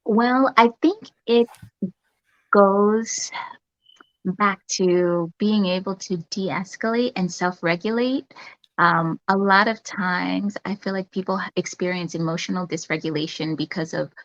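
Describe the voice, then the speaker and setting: A woman who is a nurse, a guest in a casual interview chat, talking in a calm, reflective way with many fillers. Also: medium pitch, unhurried, dry recording, highs cut off.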